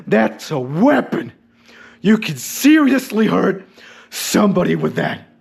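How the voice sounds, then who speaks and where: A man's voice: high voice, big pitch swings, slow, vocal fry, breathy edge, heavily acted. A man voicing an alarmed male schoolteacher who scolds a pupil. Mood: alarmed scolding. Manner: exasperated, scolding.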